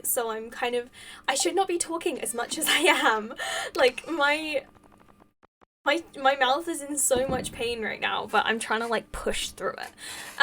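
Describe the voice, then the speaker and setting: A woman's voice: high-pitched, fairly bright tone, far from the mic, rough recording. A woman live-streaming a game, chatting casually with viewers and thanking them effusively, rambling with many restarts. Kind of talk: casual chat with live viewers while gaming.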